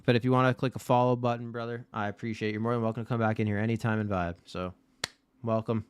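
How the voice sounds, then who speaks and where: A man with a somewhat low voice hosts a casual live watch-party stream from his desk mic. He talks straight to his chat, blunt and loose, with the odd swear word thrown in. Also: little pitch movement, fast, smooth, dry recording.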